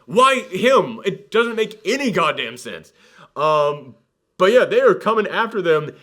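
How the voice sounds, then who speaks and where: A man hosting a casual film review chat, his voice fairly high and bright. He talks with sarcastic, mock-dramatic flair and swings his pitch widely up and down. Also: very animated, measured pace.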